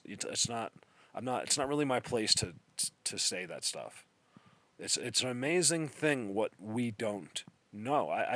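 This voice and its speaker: A man's voice: fairly low pitch, a bit bright, no room sound. A man adding a casual, apologetic, rambling voice-over aside to his vlog. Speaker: vlogger adding commentary.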